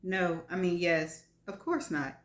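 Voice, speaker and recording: A woman's voice: fairly low pitch, steady tone, slow pace. A woman giving a live reading of frank first-person fiction, wry and laughing between lines. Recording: echoey room.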